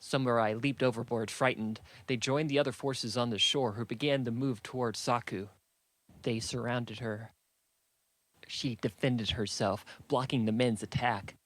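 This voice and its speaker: In a clean recording free of room sound, a mid-range male voice reads a fantasy audiobook with a measured, even storytelling delivery.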